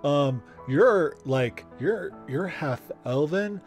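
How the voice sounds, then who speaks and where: A man's voice: a little high, animated, takes it slowly, darkish tone, soft background music. A man voicing a naive young male adventurer who rambles and hesitates, in tabletop role-play. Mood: earnest. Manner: hesitant, rambling, full of fillers.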